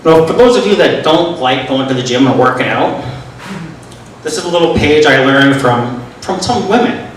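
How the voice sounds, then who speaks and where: Middle-aged man doing stand-up, self-deprecating and deadpan, on a mic set back in a very echoey club. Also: fairly high pitch, moderate pace, a little hiss or hum. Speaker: stand-up comedian. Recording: echoey room, mic from far off.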